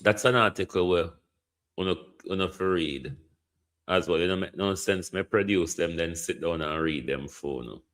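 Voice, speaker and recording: A man's voice: low voice, normal speed, a bit bright. A Jamaican man giving indignant political commentary, slipping between patois and standard English. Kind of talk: opinion commentary.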